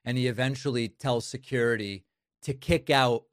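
A man's voice: mid-range voice, steady tone, moderate pace, a little hiss or hum. A man hosting political commentary, scornful and sarcastic as he introduces and mocks clips. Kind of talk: opinionated commentary.

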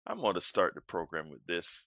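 A man's voice: deep voice, sing-song, fairly quick, a bit bright, no room sound. A man hosting a call-in political talk show, speaking emphatically and at length. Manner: emphatic, preachy, wordy. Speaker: host.

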